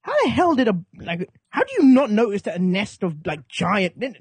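A man co-hosting a podcast, chatting casually and questioning things in an incredulous, animated way. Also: high voice, normal speed, breathy edge, no echo. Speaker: podcast co-host. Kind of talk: casual chat.

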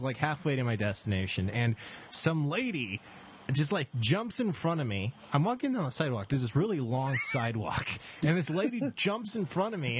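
Animated man telling a sarcastic story. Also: on the high side, a little hiss or hum. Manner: storytelling, jokey, sarcastic asides. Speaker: podcast co-host. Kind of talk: casual comedic podcast chat.

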